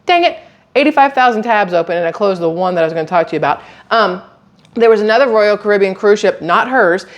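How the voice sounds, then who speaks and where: A woman's voice: mid-range voice, expressive, quick pace. A woman chatting casually and reading a news article aloud, adding sarcastic asides and stumbling over words.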